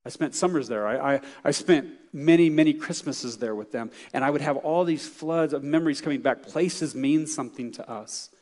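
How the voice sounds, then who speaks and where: Middle-aged pastor in a reverberant hall. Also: male voice, a little high, moderate pace, few pauses, a little mellow. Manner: conversational, anecdotal, with frequent fillers and restarts. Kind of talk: sermon.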